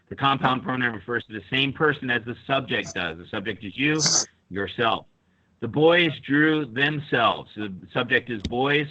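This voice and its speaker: A male teacher runs a live online lesson, explaining patiently one step at a time and calling on students. His voice is bright and forceful. The audio comes through a little dull and lo-fi. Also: lowish voice.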